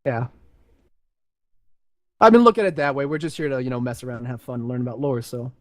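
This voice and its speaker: A man hosting a casual lore reading over voice chat, relaxed and organizing volunteers. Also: mid-range voice, fairly quick, no echo, clean studio sound. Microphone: voice chat headset.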